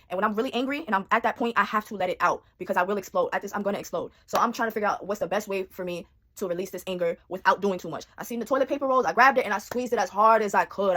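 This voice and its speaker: Fast-talking young woman telling a story. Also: medium pitch. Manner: rapid, animated, slangy retelling with quoted inner thoughts. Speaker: vlogger telling a personal story. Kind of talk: casual storytelling.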